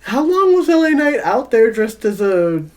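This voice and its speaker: A man's voice: extremely high pitch, sing-song, normal speed, darkish tone. A man co-hosting a podcast in casual chat, laying out his predictions and hedging with "I think". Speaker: podcast co-host.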